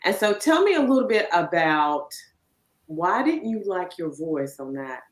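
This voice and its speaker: A woman's voice: fairly low pitch, big pitch swings, a little slow. A woman hosting a casual interview, chatting with frequent tag questions. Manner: conversational, tag questions like "right?". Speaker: podcast host. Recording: roomy echo.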